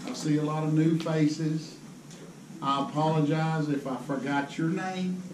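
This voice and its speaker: A man's voice: fairly high pitch, steady tone, unhurried. Folksy laughing man in an echoey hall. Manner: folksy, rambling, laughs often. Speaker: fishing pro giving a seminar. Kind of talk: casual storytelling to a crowd. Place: indoor tackle show hall. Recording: echoey hall, distant mic, crowd noise.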